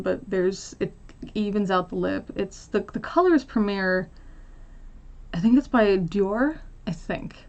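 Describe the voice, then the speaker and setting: An American woman casually chatting on a livestream, answering viewer questions with frequent laughs and fillers. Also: mid-range voice. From United States. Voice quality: chatty, laughs often, many fillers and trailing asides. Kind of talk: casual chat.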